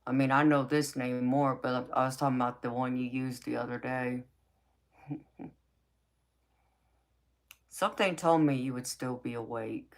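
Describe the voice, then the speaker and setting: A woman with a low, raspy voice hosting a late-night live stream, reading viewer comments and answering them in a sassy, affectionate way. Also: steady tone, moderate pace. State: dry mouth from talking a lot. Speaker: tarot reader and live-stream host.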